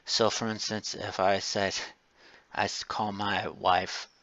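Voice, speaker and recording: Low-voiced man giving a casual lecture. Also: little pitch movement, slow pace, fairly bright tone, no room sound, dull audio. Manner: casual and digressive, tells personal stories. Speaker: college lecturer. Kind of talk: recorded classroom lecture.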